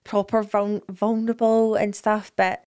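A woman's voice: mid-range voice, level tone, a little slow, darkish tone, clear, resonant tone. A woman co-hosting a podcast, blunt and opinionated, swearing freely in casual chat. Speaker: podcast co-host.

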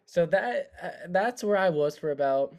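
A young college-age man co-hosting a casual podcast, telling a story with plenty of life. His voice sits slightly high for a man. He drops into quoted lines as he goes. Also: normal speed, gravelly. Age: young adult. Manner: animated storyteller, acts out quotes. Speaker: podcast co-host.

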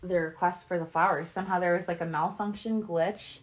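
A woman's voice: lowish voice, brisk, slight background noise. Young woman telling profane stories. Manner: profane, animated storytelling with frequent laughter. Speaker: podcast co-host. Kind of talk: casual chat.

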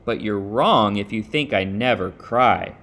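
A man's voice: on the low side, measured pace, creaky, a bit bright. A man voicing a wise, honest old horse in a storybook. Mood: frank.

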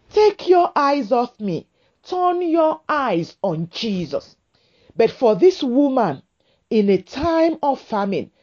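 A woman preaching a sermon to women, with a slow, emphatic, repetitive cadence. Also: on the high side, dark tone, muffled recording.

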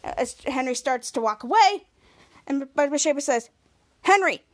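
A woman's voice: high-pitched, lively intonation, moderate pace, no room sound. A woman podcast host casually recapping a TV episode, retelling scenes with lots of quoted lines.

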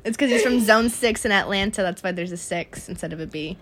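A woman's voice: mid-range voice, a little fast, a bit bright. A young adult woman hosting a casual podcast chat, telling dating stories in a blunt, emphatic way and swearing freely. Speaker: podcast host.

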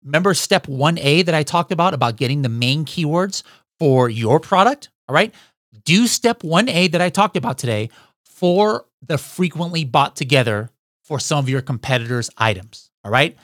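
A man hosting a podcast, giving an energetic how-to talk to listeners he keeps calling guys. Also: fairly high pitch, normal speed, no room sound, studio quality. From United States. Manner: energetic, addresses listeners as guys, frequent "all right?". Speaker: podcast host.

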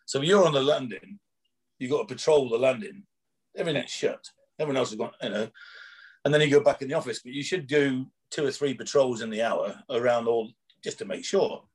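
A man's voice: mid-range voice, fairly quick, slightly rough. A man, a former prison officer, telling rambling anecdotes in casual chat, acting out quoted dialogue with chuckles.

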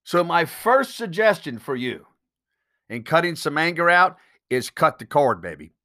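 Man, podcast host, solo monologue, blunt, profane, tense bright tone. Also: medium pitch. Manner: punchy rhetorical questions.

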